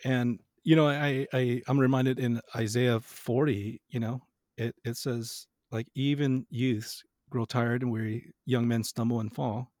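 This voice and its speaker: A man hosts a casual podcast in a dry, close-sounding recording, with his voice at a middle pitch. He searches for his words, stopping and restarting, then rushes ahead. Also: little pitch movement, darkish tone, no echo. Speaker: podcast host.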